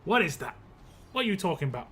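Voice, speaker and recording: Bright-voiced male streamer chatting casually. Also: high voice, sing-song, quick pace, breathy edge, soft background music. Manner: rambling, laughs often, many restarts. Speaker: game streamer. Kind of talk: casual live-stream chat, answering viewer comments.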